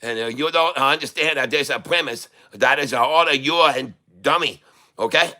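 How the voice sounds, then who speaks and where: A man's voice: medium pitch, moderate pace, bright, forceful tone. A man putting on an exaggerated fake Chinese accent in broken English, teasing and giggling between lines. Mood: mock stern.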